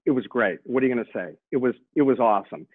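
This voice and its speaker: Excitable man on a tinny phone line. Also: mid-range voice, fast, dry recording. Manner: excitable, repeats words and restarts. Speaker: guest rock musician. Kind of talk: animated storytelling.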